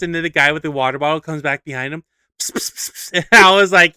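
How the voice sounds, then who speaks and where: A man's voice: a little high, brisk, clear, resonant tone, no room sound. A young man co-hosting a podcast, chatting casually and acting out a skit with voices. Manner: animated storyteller, acts out skits with voices. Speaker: podcast co-host. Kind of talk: casual chat.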